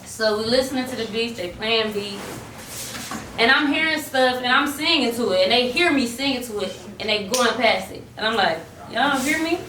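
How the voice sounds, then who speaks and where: A young woman with a fairly high voice speaks at a normal pace, casually recounting her music career. She's animated, acting out quotes and breaking into snatches of song. The mic sits far off, giving a roomy sound with faint hiss.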